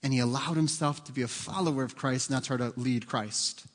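A man's voice: medium pitch, a little fast. A man preaching a sermon as pastor, talking conversationally and putting questions to the congregation. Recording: long hall reverb.

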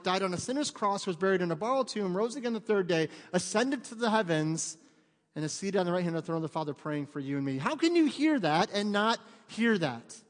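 A man in his thirties preaching a conversational sermon, mixing jokes with fervent emphasis in a church. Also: high voice. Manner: conversational, joking asides, rising to fervent emphasis. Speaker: pastor. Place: church sanctuary. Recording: long reverb of a church hall.

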